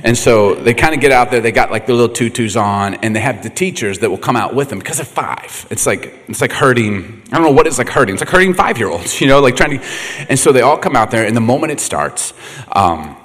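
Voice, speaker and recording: Middle-aged male pastor, lively swooping delivery, laughs often, echoey hall. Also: mid-range voice, fast talker. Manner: animated, laughing, acts out quotes. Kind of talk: humorous sermon storytelling.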